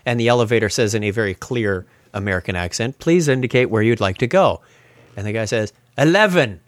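A man's voice: on the low side, quick pace, dry recording. A man hosting a casual tech podcast, chatty and laughing as he retells funny stories. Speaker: podcast host.

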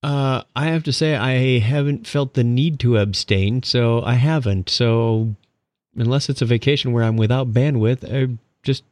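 A man co-hosting a podcast, chatting in a relaxed way and making wry remarks. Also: medium pitch, unhurried, no room sound. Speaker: podcast co-host. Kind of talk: casual chat.

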